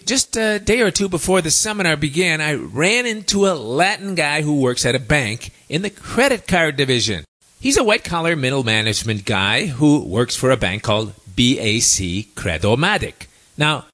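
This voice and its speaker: A chatty male host spins a long anecdote in a casual monologue and drops wry asides along the way. His voice sits at an ordinary middle pitch but swoops up and down a lot as he talks. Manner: chatty, wry asides, lively rising and falling delivery.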